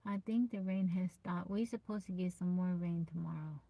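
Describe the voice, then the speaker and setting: Soft-spoken, easygoing woman streamer. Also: fairly low pitch, normal speed, gravelly, no room sound. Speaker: live streamer. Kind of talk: casual live-stream chat.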